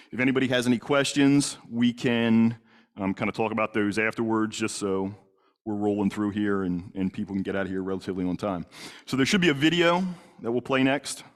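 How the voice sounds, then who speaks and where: A man's voice: mid-range voice, a bit bright. A middle-aged man, a police detective, telling a story in a lecture, plain-spoken, with many fillers and restarts. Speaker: police detective and crisis negotiator. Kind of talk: lecture to a congregation audience.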